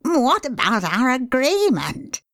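A woman's voice: high-pitched, wildly swooping pitch, slow, a bit bright, dry recording, voice pushed up, heavily acted. A woman doing a desperate grovelling ex-mayor. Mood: pleading. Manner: pleading, desperate.

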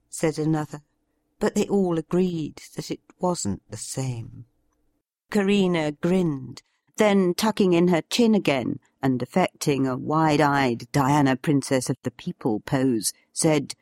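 Low-voiced woman reading a story. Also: no echo. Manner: measured, expressive storytelling. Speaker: audiobook narrator. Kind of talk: scripted narration.

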